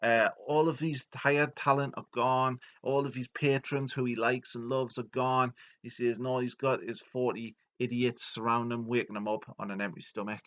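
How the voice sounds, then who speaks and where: Rambling man, deadpan comic storyteller. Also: medium pitch, normal speed, few pauses, highs cut off. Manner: rambling and deadpan with many fillers. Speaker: video game lore host. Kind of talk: comic retelling of game lore.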